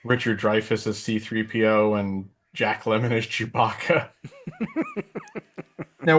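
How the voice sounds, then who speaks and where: A middle-aged man co-hosting a casual chat, rambling with lots of fillers while he tells a story. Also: on the low side. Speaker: podcast co-host.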